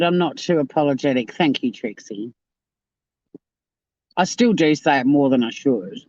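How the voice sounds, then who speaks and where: Chatting loosely with viewers and reading out chat, this livestream host laughs a lot and swears without restraint. The voice sits at medium pitch, with slight background noise over a dull, dry, lo-fi recording.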